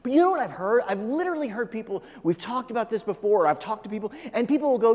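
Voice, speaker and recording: A middle-aged man preaching a sermon as a pastor, talking fast and emphatic, often repeating phrases. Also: sits high, sing-song, a little mellow, big-room sound.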